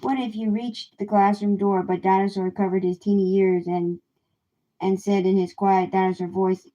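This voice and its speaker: Woman, storybook read-aloud for kids, mellow voice, dull lo-fi sound. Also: mid-range voice, flat delivery. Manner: slow, gentle read-aloud for children. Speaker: storybook reader. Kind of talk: reading a picture book aloud. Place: home livestream.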